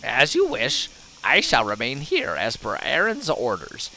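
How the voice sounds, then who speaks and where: A man's voice: medium pitch, huge pitch swings, unhurried, sharp tone, slight background noise, exaggerated voice. A man reading out a game's dialogue for a dutiful male scout, in a stiff, formal way. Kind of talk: reading game dialogue aloud.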